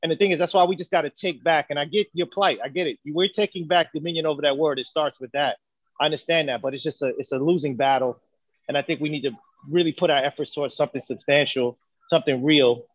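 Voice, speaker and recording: A man's voice: a little high, fairly even intonation, quick pace, no room sound, highs cut off. Earnest man thinking aloud. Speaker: podcast co-host. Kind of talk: casual debate chat.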